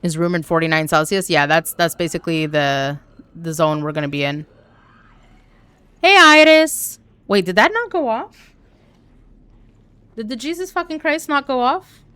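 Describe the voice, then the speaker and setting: A young woman from Canada chatting casually on a live stream while gaming, talking to her chat with an animated, swearing manner. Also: on the low side, normal speed, clear, resonant tone. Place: home room.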